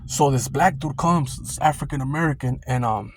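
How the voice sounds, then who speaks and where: A man's voice: medium pitch, normal speed, husky. A young man casually telling a rambling, profane storytime about his old security job, full of street slang.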